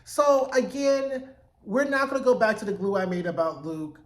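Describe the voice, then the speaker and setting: A man giving a chatty, animated recap of a TV episode, acting out the characters' lines. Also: high-pitched, normal speed. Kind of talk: casual recap commentary. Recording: echoey room.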